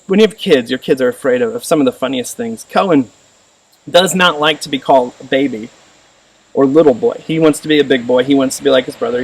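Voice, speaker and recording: A man in his thirties preaching a sermon as pastor, animated and acting out the voices of others. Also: breathy edge, no room sound. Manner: animated, acts out voices with rising pitch. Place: church sermon recording. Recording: voice a little distant from the mic.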